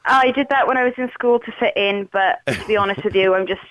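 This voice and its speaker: A woman's voice: mid-range voice, quick pace, no echo. Welsh woman in her thirties on a dull line. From Wales. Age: 30s. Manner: earnest, argues her point with examples. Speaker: caller. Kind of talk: radio phone-in discussion.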